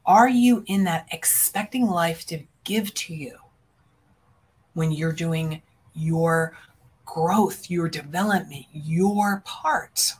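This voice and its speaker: A woman's voice: fairly low pitch, slow pace, slightly rough. Fervent woman coach hyping her listeners. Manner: emphatic, fervent, punchy declarations with big swings in loudness; addresses listeners directly as friends. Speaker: business coach and podcast host. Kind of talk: motivational solo podcast talk.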